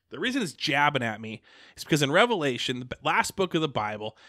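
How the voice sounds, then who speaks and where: Man, young adult, podcast host, slightly out of breath, rambling, bright tone, dry close sound. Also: mid-range voice, dry recording. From Pacific Northwest. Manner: rambling, loose, with many fillers and restarts. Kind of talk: casual podcast chat.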